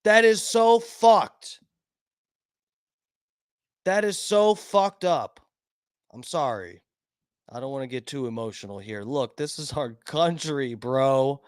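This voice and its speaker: A man's voice: mid-range voice, animated, takes it slowly, long pauses, smooth, dry recording, studio quality. A man commentating online in an angry, profane political rant, repeating himself as he goes.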